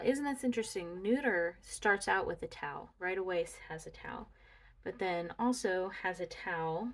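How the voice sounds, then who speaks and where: A woman slowly talking through a grammar review lesson, musing aloud as she walks through her slides. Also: mid-range voice. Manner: deliberate, talks through slides, muses aloud. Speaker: student reviewing Greek grammar.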